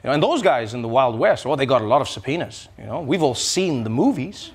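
A man's voice: mid-range voice, big pitch swings, quick pace, slight background noise. A man delivering a sarcastic comedic monologue as a late-night host, slipping into mocking voices.

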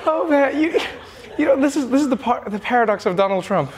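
A man's voice: extremely high pitch, expressive, a little fast. A man hosting a late-night comedy monologue, playful and laughing through his jokes in a TV studio. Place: TV studio with audience. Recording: studio audience noise.

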